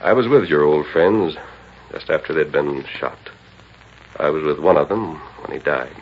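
An actor playing a calm, commanding Texas lawman hero in a radio drama, with steady, persuasive speech and a dull lo-fi sound. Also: extremely low pitch, normal speed, a little hiss or hum. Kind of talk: 1930s radio drama acting. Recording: dull lo-fi old radio broadcast.

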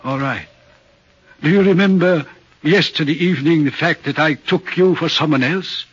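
An actor playing an uneasy railway signalman in vintage radio drama, talking in an earnest, troubled, deliberate way with a husky voice. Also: a little high. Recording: muffled old radio recording.

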